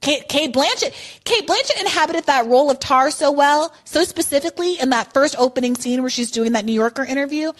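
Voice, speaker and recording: A woman with a high, bouncy voice chatting on a podcast. She talks in an opinionated, emphatic way, piling on "like" and "I'm sorry" as she swings up and down. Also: animated, brisk, few pauses. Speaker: podcast co-host. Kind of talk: casual chat. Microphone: podcast mic.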